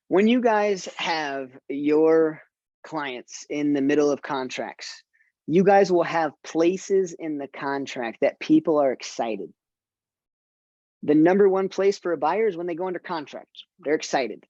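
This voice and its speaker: A man's voice: a little high, darkish tone, dry recording, lo-fi sound. A man giving a conference talk to fellow real estate agents, in a conversational manner that acts out conversations with clients.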